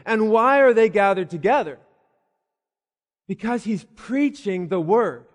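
A man's voice: high voice, lively intonation, unhurried. A man preaching a sermon, telling the story vividly with voiced asides and hesitant restarts. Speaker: pastor. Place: church building. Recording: long reverb of a church hall.

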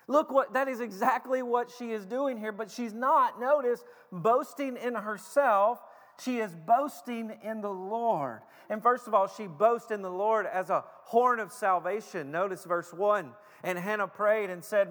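A man preaching a sermon as pastor, emphatic and halting, with repeated stammered starts and slowed, stressed phrases. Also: high voice, fairly bright tone. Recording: long hall reverb.

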